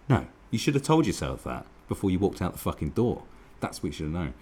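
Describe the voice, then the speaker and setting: A man's voice: deep voice, very animated, fast talker, few pauses, a little mellow, slightly rough. A man giving a profane, mocking commentary rant as host of his own channel. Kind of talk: ranting commentary.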